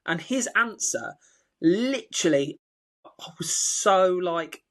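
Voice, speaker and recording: A man's voice: high-pitched, moderate pace, a bit bright. A young man, co-hosting a casual podcast chat and telling stories in which he acts out the people he quotes. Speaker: podcast co-host.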